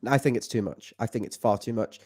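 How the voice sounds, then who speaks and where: A middle-aged man, co-hosting a casual fan show chat in a jokey way, now and then slipping into falsetto singing. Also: brisk, a little mellow.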